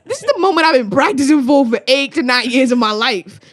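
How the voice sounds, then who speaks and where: A young woman from Australia, a spoken word poet, telling stories in a casual conversation, animated and swearing freely. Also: sits high, a little fast, no room sound, clean studio sound. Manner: animated, swears freely, acts out voices in anecdotes.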